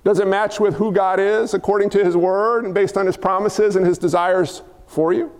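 A man preaching a lively sermon in a church sanctuary, his voice unusually high. He jokes and acts out little scenes as he goes. The sound carries a long hall reverb. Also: normal speed. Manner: animated, jokey preaching with acted-out quotes. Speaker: pastor.

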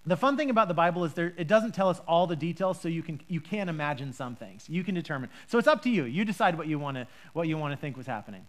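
A woman preacher teaching a Bible passage in a lively, chatty way, with frequent restarts and rhetorical questions. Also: sits low, quick pace, few pauses.

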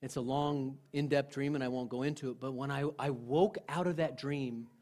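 A male pastor preaching a sermon, telling personal stories in an earnest way, dropping to a hush and then rising again. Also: medium pitch, steady tone, moderate pace. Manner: earnest storytelling, swinging from loud to hushed.

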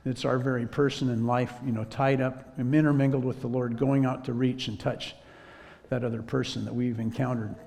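Gravelly man preaching in a reverberant hall. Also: medium pitch, flat delivery, moderate pace, darkish tone. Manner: conversational, drops to a whisper when quoting himself. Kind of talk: sermon storytelling.

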